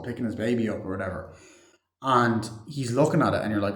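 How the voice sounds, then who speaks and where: A man's voice: fairly low pitch, fairly quick. A man casually recapping a movie scene by scene, rambling and swearing, with a lot of "like" fillers. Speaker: movie reviewer. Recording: echoey room.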